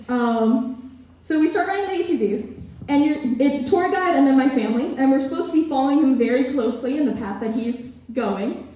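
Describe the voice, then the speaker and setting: A young woman performing a stand-up comedy set at a student club, laughing at her own jokes and filling pauses with ums. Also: sits high. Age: young adult. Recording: echoey, distant, dull room recording.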